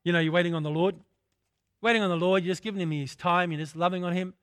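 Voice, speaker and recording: A man's voice: sits high, fairly even intonation, fast talker, a bit bright, no room sound. A man preaching a sermon, repeating phrases for emphasis and calling out to his congregation.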